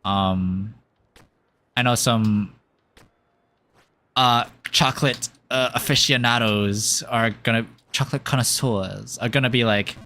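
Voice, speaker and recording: A man streaming a game, chatting casually and rambling, often giggling and filling pauses with um and uh. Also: mid-range voice, sharp tone, slight background noise. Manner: rambling and giggly, with many fillers. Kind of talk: casual chat while playing a game.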